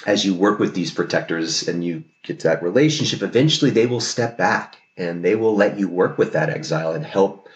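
Man, very low voice, therapist guest, reflective, explanatory, echoey room. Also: expressive, a little fast, few pauses. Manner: reflective, explanatory, often adds "right?". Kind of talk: podcast conversation. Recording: roomy echo.

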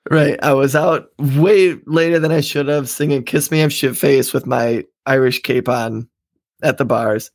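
A man's voice: mid-range voice, steady tone, a little slow, no echo, clean studio sound. Laid-back, storytelling podcast man. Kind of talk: casual podcast chat.

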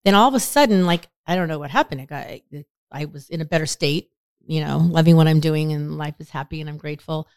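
A woman's voice: fast talker, smooth, dry recording, clean studio sound. A woman co-hosting a podcast, chatting casually and telling stories, acting out quoted lines with big jumps in her voice. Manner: lively storyteller, acts out quotes with big pitch jumps. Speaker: podcast co-host. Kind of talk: casual chat.

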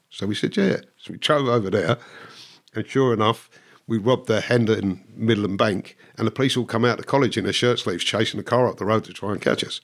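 A man's voice: mid-range voice, fairly quick. An older man, telling his story as a podcast guest in a blunt, swearing, vivid way. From London. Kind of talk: storytelling interview.

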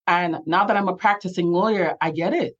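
A young Jamaican-accented woman talking through her story, her pitch sitting a little low. She chats freely, laughs often and acts out what people said to her. The audio is a touch dull. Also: a little fast. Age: young adult. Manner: chatty, laughs often, quotes herself and others. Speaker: lawyer guest. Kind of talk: casual interview storytelling.

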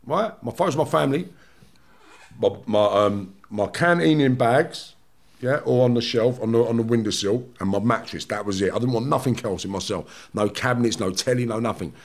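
A man, a former prisoner, talking bluntly and swearing heavily in a casual podcast chat, loud and animated when he retells clashes. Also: mid-range voice, a little fast.

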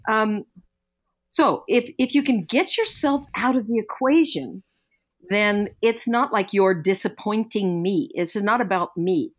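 Brief: older woman, podcast guest, reflective storyteller, mid-pitched voice, slips into voices when quoting. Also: a little slow. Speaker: parenting guest. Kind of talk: podcast conversation.

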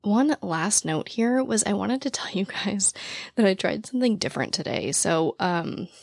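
A young woman hosting a podcast in casual chat, with a naturally raspy voice, talking very fast and out of breath. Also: mid-range voice, lively intonation, no room sound, studio quality. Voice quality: naturally raspy voice with vocal fry. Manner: talks very fast, breathless and rambling. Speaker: true crime podcast host. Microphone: podcast mic, standing while recording.

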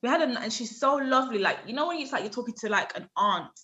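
Animated woman telling a story. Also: a little high, fast, lo-fi sound. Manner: animated, acts out other people's lines, laughs often. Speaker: podcast guest, writer and journalist. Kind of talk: storytelling in casual interview.

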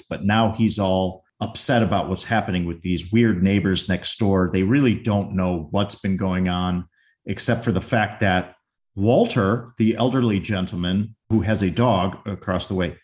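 A man casually recapping a favorite comedy film scene, chatty and full of restarts. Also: lowish voice. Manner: chatty, retells scenes with acted quotes. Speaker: film commentator.

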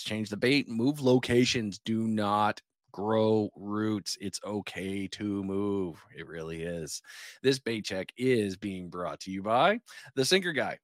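A man's voice: fairly low pitch, no echo, clean studio sound. A man hosting a casual fishing podcast, reading sponsor spots and telling stories with acted-out quotes. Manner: animated storyteller, acts out quotes. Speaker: podcast host.

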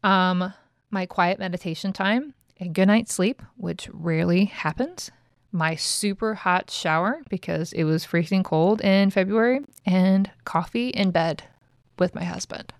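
In a mid-range voice and at a slightly slow pace, a middle-aged podcast host talks frankly and casually, swearing now and then. The studio-quality recording has no echo, and the chat is motivational in tone.

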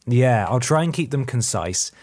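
A man's voice: medium pitch, animated, normal speed, very noisy. A man chatting casually as a podcast co-host, telling self-deprecating work stories. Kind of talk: casual chat.

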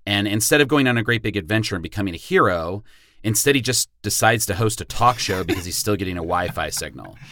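Male guest in his forties, low voice, dry close sound, relaxed storyteller. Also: quick pace, dry recording. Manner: relaxed storyteller with easy laughs. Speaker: podcast guest. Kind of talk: casual podcast chat.

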